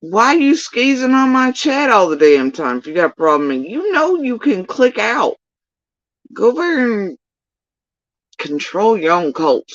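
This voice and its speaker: A woman's voice: a little high, sing-song, unhurried, dry recording, muffled recording. Sarcastic, profane woman ranting on a livestream. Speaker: livestream host. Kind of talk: casual reaction commentary.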